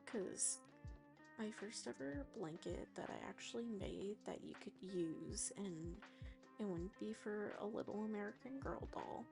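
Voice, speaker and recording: A woman's voice: mid-range voice, expressive, measured pace, creaky, music in the background. A woman streamer chatting casually while she crochets, rambling and often trailing off into a near-whisper.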